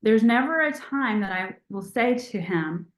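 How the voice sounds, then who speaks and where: A woman leading a motivational team call over a video call in a chatty, encouraging, animated way. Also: fairly high pitch, measured pace, echoey room. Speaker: team leader hosting a call.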